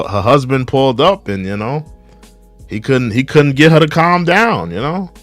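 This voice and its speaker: A man's voice: medium pitch, fairly bright tone, no echo. A young man hosting a reaction video, casually commenting on a clip, repeating rhetorical questions and reading viewer comments aloud. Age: young adult.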